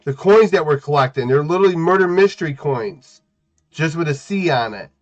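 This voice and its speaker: A playful man chatting through a game stream, teasing the other players and breaking into loud outbursts. His voice sits a little high for a man. The audio is dull and muffled. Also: animated, a little fast. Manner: playful, teasing, shifts into loud outbursts and sing-song scatting. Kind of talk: casual gaming stream chat.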